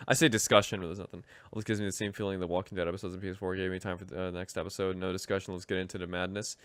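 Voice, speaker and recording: A man's voice: deep voice, little pitch movement, rapid-fire, fairly bright tone, no room sound. A young man chatting casually as a game streamer, rambling with lots of fillers. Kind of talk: casual gaming commentary.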